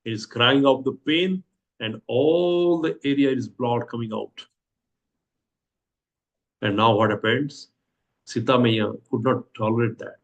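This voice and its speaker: A man's voice: mid-range voice, a little slow, pauses often, lo-fi sound. An Indian-accented man teaching a scripture class, retelling the story and asking "what happens" again and again with frequent hesitant fillers. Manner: repeats rhetorical questions, hesitant fillers.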